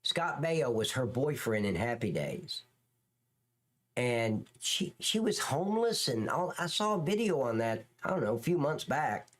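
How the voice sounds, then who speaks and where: A man's voice: medium pitch, sing-song, a little slow. A man hosting a live stream, chatting loosely and crudely, answering viewers' comments as he goes. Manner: rambling, crude, reads and answers chat. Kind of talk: casual live-stream chat.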